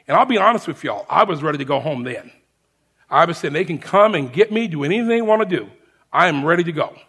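A man preaching a testimony as a lively story, speaking to the congregation as friends. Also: sits high, slightly rough. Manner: animated storyteller, shouts the sergeant's lines. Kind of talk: sermon storytelling.

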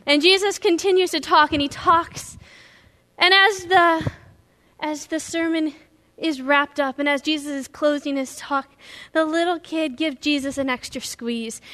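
A woman pastor preaching a sermon, retelling a story in a lively storytelling way. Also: high-pitched. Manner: animated storytelling, acting out scenes.

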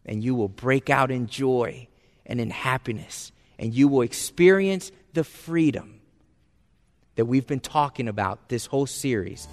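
A man preaching a sermon as pastor, earnest, moving between hushed lines and fervent outbursts. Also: mid-range voice, in a large hall.

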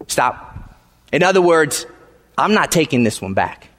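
Man, pastor preaching, high voice, slow deliberate delivery, long hall reverb. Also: very animated. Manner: emphatic, repeats phrases, swings between quiet and shouting. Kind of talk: sermon.

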